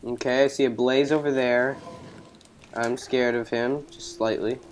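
A man's voice: medium pitch, a little slow, a little hiss or hum. A man hosting a game channel, giving casual let's-play commentary and yelping at the game. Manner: excitable, yelps and laughs at the game. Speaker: gaming channel host.

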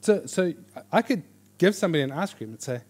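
A man teaching a church class on reading the Bible, in a lively, joking conversational way. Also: a little high, a little fast, husky. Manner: animated, jokey, with lively quoted voices. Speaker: pastor teaching a Bible course. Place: church hall before an audience.

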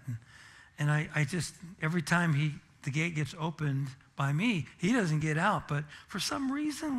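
A pastor delivers a sermon in church, weaving in light, self-deprecating humor. His voice sits a little high for a man and has a bright, forceful edge. He takes his time, letting each phrase land slowly. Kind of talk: sermon with personal storytelling.

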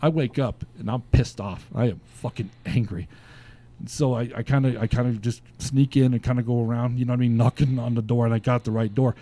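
A man's voice: medium pitch, fairly even intonation, a little fast, dark tone. A man guesting on a podcast, casually telling a story with lots of swearing and laughs. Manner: laid-back, swears often, laughs while telling.

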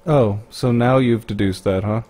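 A man's voice: on the low side, normal speed, mellow, a little hiss or hum. A man giving sarcastic, blunt and profane commentary on another man's video.

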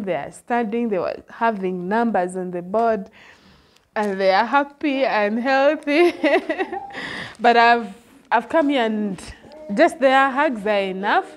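Tearful, laughing Ugandan woman vlogger. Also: fairly high pitch. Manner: emotional, laughing, switching between English and Luganda. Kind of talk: casual vlog. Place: village school outdoors. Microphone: handheld phone.

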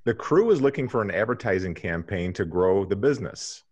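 A man co-hosting an interview show, running a quick question round with jokes and frequent laughter. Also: fairly low pitch, animated, darkish tone, highs cut off. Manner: joking, laughs often. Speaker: podcast co-host. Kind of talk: casual interview chat.

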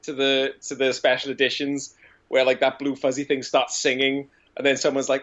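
A man, a guest on a podcast, pitching silly ideas in an animated, profane, joking way. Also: moderate pace. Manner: animated, profane comic storytelling. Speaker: guest filmmaker. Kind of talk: casual podcast chat. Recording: dull lo-fi audio.

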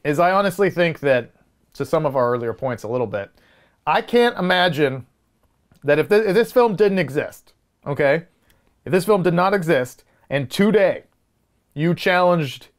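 A man's voice: a little high, lively intonation, moderate pace. A man co-hosting a casual movie review podcast, arguing his points emphatically and restarting sentences as he builds them. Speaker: podcast co-host.

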